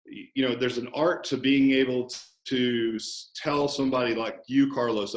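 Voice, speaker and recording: A man guest talking about coaching in a relaxed, animated interview, often acting out conversations. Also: medium pitch, normal speed, few pauses, reverberant. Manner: animated storyteller, acts out coach-client banter. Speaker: fitness business owner, guest.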